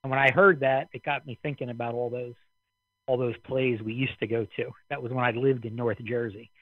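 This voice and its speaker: A man from the Midwest calling into an amateur radio net, talking in a relaxed, rambling way and slightly out of breath. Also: mid-range voice, a little fast, no echo. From American Midwest. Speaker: caller on the net. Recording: dry radio transmission, phone-like band.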